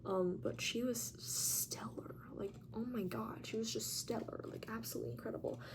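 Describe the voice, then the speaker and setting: A young woman telling a story in a casual vlog, chatty and animated, with lots of "like" and free swearing. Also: fairly high pitch, moderate pace, vocal fry, whispered. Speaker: vlogger.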